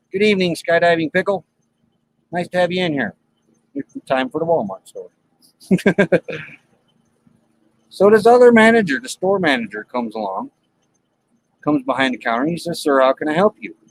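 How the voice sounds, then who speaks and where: Gravelly, plain-spoken storyteller man. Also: fairly high pitch, normal speed, pauses often, no room sound, low-quality recording. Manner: animated, acts out dialogue in the story. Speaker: live stream host. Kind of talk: casual storytelling to live chat.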